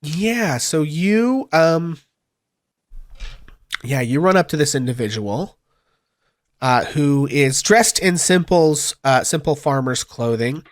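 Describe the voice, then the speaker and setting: A man's voice: on the high side, expressive, takes it slowly, pauses often, no echo. Man narrating as game master, dry sound. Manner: rambling with many fillers.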